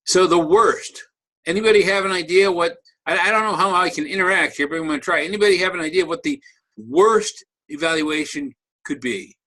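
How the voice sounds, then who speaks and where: A man's voice: high voice, a little fast, pushed and bright. A man giving a conversational online teaching talk as a workshop presenter, joking and restarting phrases as he goes.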